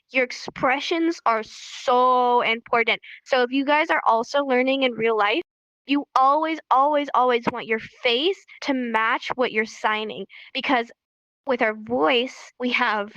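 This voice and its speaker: A high, bright-voiced young woman leads a casual live-streamed sign language lesson. She is animated, repeats key points for emphasis and laughs easily. The audio is dry and a little dull, as on a lo-fi stream. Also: no room sound.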